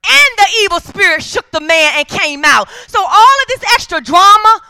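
A woman preacher delivers a fervent church sermon, pressing her points home with repeated calls for the congregation to answer her. Her voice sits very high and rings bright and forceful, and it is recorded dry and close. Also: lively intonation, normal speed, hardly any pauses, no room sound. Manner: emphatic call-and-response preaching.

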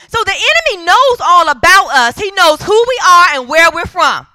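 A woman's voice: very high voice, big pitch swings, moderate pace, few pauses, pushed and bright, dry recording. A woman preaching a sermon in a church, driving her points with repeated calls for agreement from the congregation. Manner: emphatic call-and-response preaching.

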